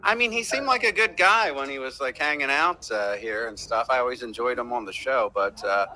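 A man's voice: medium pitch, a little fast, bright, forceful tone, low-quality recording. A man appearing as a guest on a podcast, chatting casually and hesitantly, with lots of "uh"s. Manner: hesitant, filler-heavy. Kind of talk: casual chat.

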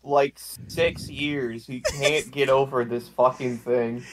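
Young man, mid-pitch voice, blunt, sardonic, casual podcast chat. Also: steady tone, takes it slowly, background noise. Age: young adult. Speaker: podcast co-host.

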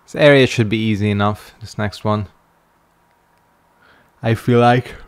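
A man's voice: fairly low pitch, fairly even intonation, a little slow, clean tone. A male streamer giving casual gameplay commentary, making wry jokes and yawning as he plays. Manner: wry, joking asides while playing. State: sleepy, yawning.

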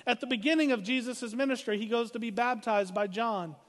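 A man preaching a sermon as pastor, emphatic and slowing down to read scripture. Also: very high voice, a bit bright, long reverb tail.

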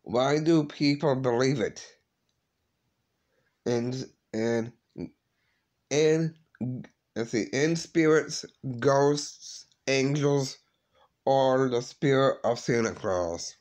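A man hosting his own paranormal vlog, talking haltingly and emotionally, often repeating and restarting his words. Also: medium pitch, a little mellow. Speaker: vlog host.

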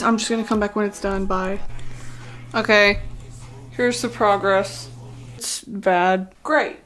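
Music plays in the background as this YouTuber, a woman in her twenties, talks slowly with long pauses in a mid-range voice and fairly even intonation. Sweaty and lightheaded from decorating her bedroom, she keeps up a sarcastic, casual vlog chat and often laughs at herself.

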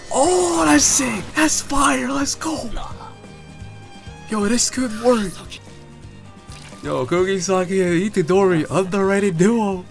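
A man giving a live reaction commentary, excitable and full of casual slang. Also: high voice, slow pace, creaky, pauses often, faint music behind. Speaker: anime reaction creator.

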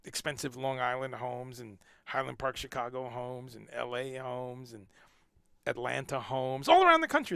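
A man's voice: mid-range voice, vocal fry, fairly bright tone, dry recording, clean studio sound. A man hosting a casual livestream, rambling and repeating words as he talks, now and then swearing. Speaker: livestream host.

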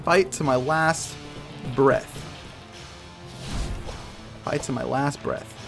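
A young man giving casual let's play commentary, frustrated and swearing as he fights a hard boss, with loud outbursts. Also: medium pitch, fairly even intonation, very slow, gravelly, music in the background.

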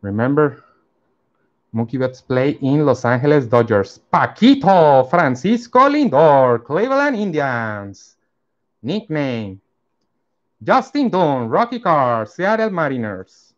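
Slow man reading out baseball cards. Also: on the high side, very animated, highs cut off. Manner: slow, reads out each card name and team. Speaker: card collector opening packs. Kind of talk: casual card-opening commentary.

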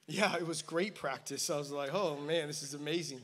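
A man's voice: a little high, steady tone, fairly quick, few pauses, a bit bright. A man preaching a sermon as pastor, telling a personal story with self-deprecating humor. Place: church campus service.

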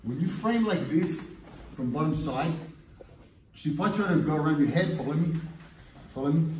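A man leads a hands-on jiu-jitsu seminar, coaching a partner through a position with short direct commands. His voice sits a little high with a mellow tone. He is picked up from across a big, echoing gym with some noise underneath. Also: animated, moderate pace. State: strained, pressed under a partner's weight at times. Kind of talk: hands-on teaching while demonstrating on the mat. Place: large indoor training gym. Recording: echoey gym, mic far off, some noise.

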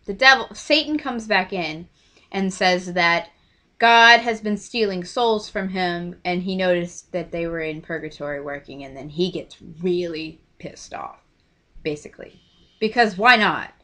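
A young woman telling a story to camera in a casual, gushing way, often trailing off into quiet asides. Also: fairly low pitch, unhurried. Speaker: vlogger.

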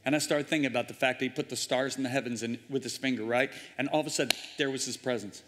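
A man preaching a sermon, telling a story with intense drama and sudden loud bursts. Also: mid-range voice, steady tone, quick pace, a little hiss or hum. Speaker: guest preacher. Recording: hall reverb in a large church.

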